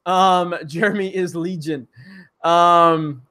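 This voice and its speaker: A man's voice: high-pitched, steady tone, slow pace, sharp tone. A man hosting a casual live stream, reading viewer messages aloud, laughing often and talking loosely with many fillers. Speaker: livestream host reading super chats.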